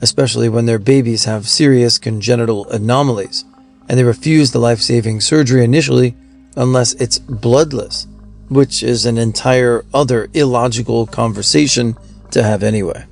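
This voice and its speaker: A man reading out forum stories in an even, steady scripted narration. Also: medium pitch, moderate pace, gravelly, soft background music.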